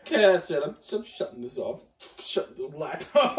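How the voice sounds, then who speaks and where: A man hosting a casual gaming chat with friends, jokey and excitable, often jumping into high-pitched shrieks. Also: fairly quick, far from the mic, a little hiss or hum. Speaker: gaming channel host.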